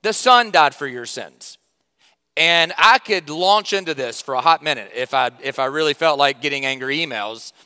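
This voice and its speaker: A man preaching a sermon to his church, conversational and emphatic, with sudden loud stresses and quiet drops. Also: a little high, expressive, moderate pace, clean tone, big-room sound. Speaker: pastor.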